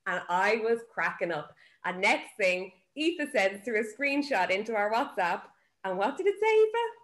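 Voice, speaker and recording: A woman's voice: medium pitch, sing-song, normal speed, a bit bright. A young woman co-hosting a podcast, telling stories in a cheeky, upbeat way. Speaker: podcast co-host. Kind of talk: casual chat.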